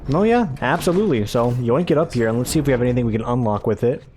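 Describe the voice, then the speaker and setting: A man's voice: mid-range voice, lively intonation, rapid-fire, darkish tone, slight background noise. A man hosting a gaming video, giving casual let's-play commentary with rambling, self-mocking asides.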